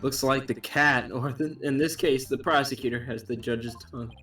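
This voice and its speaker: A man's voice: medium pitch, steady tone, moderate pace, pushed and bright, far from the mic, faint music behind. A man chatting casually while playing a game with friends, teasing and joking. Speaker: co-player.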